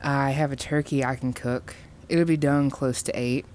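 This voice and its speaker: A woman's voice: extremely low pitch, fairly even intonation, normal speed, darkish tone, slight background noise. A woman voicing a timid, frightened older mother who stutters and pleads with a shaking voice. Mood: hesitant.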